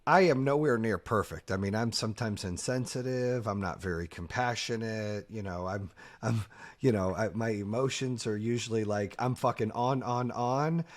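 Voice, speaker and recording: A man's voice: on the low side, moderate pace. A man hosting a podcast in casual chat, talking bluntly and profanely with fired-up energy. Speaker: podcast host.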